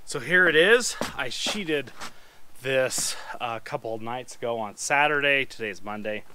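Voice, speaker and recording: A man's voice: mid-range voice, lively intonation, a little slow. A man in early adulthood narrating a building project, out of breath because he talks while he works. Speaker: DIY builder and video host. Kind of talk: casual build vlog narration. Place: outdoors at a shed build site. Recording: noisy outdoor recording.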